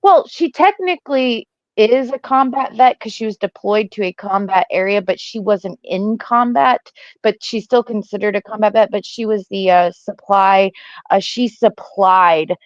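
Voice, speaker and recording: A woman's voice: medium pitch, unhurried, no echo. Hesitant woman on a muffled call line. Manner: hesitant, many fillers and restarts while explaining. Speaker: co-host guest. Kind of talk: casual livestream chat.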